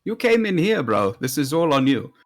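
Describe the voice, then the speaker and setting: A man's voice: a little high, big pitch swings, moderate pace. A man playing a tabletop game, chatting casually and joking with the game master in a laid-back way. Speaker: player.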